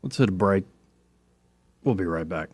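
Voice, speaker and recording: A man with a Southern accent hosting a talk radio show, speaking in a relaxed, conversational way and reading scripture slowly. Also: low voice.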